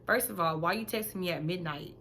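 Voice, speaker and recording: Five months pregnant, a young vlogger tells a story as a brisk, foul-mouthed, animated rant, alternating loud eruptions with hushed asides. She speaks in a fairly low voice over slight background noise.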